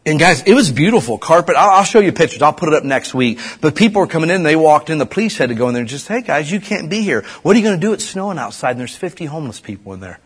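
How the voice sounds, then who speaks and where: A middle-aged man from Ohio preaching a sermon as pastor, swinging from loud urging to hushed asides. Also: fairly high pitch, expressive, very fast, few pauses, breathy edge.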